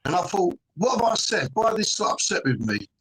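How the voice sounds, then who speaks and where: A man's voice: high-pitched, very animated, moderate pace, a bit bright, a little hiss or hum. A middle-aged man, a guest on a fan panel, arguing emphatically in casual chat, forever tossing in "mate" and "right?". He is joining over a phone call.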